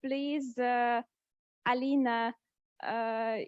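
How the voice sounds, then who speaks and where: Halting high-voiced woman chairing a contest. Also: fairly even intonation, clear, resonant tone, no room sound. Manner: halting, many fillers and restarts. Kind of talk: hesitant meeting chairing. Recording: dull lo-fi sound.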